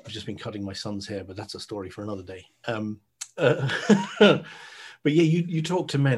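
An Irish man chatting on a podcast, animated and laughing, mimicking other people's voices, a little out of breath. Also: mid-range voice, moderate pace, husky. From Ireland. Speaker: guest. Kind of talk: casual podcast chat.

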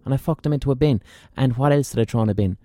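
A man's voice: mid-range voice, racing, warm tone, no room sound, clean studio sound. Irish man, swearing casual podcast storyteller. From Ireland. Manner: rambling, profane, self-mocking. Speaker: podcast host.

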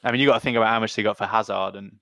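A man's voice: fairly low pitch, steady tone, rapid-fire, gravelly, sharp tone, no echo. A man co-hosting a casual football podcast, laid-back and joking. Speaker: podcast co-host.

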